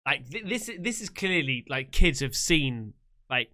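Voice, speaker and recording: A man reacting to a horror story video in a casual, excitable way, swearing often and chatting in quick asides. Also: mid-range voice. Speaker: YouTube reactor.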